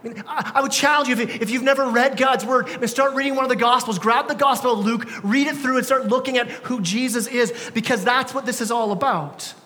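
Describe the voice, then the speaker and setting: An extremely high-pitched, sharp-toned young man preaches fairly quickly with few pauses, acting as pastor in a church sanctuary. His talk is conversational, peppered with slang and restarts, and the recording has long hall reverb plus a little hiss or hum.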